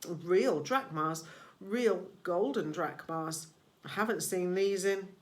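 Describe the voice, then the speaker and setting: A woman voicing a smooth, coldly menacing male ferryman of the dead with a British accent. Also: medium pitch, lively intonation, a little slow, fairly bright tone. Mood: silky menace. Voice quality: silky, sweetly menacing.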